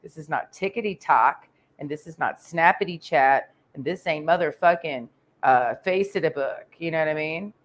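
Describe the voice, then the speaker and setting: A woman's voice: sits low, moderate pace. A woman from Texas ranting in a crude, confrontational vlog monologue, swearing constantly and rambling with trailing "and"s. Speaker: vlogger.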